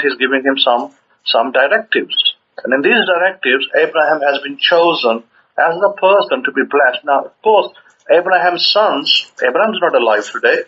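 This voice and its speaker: Brief: male scripture teacher, slightly high husky voice, chatty, dull lo-fi sound. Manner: conversational, repeats words, chuckles while explaining. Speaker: religious teacher. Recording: dull lo-fi recording.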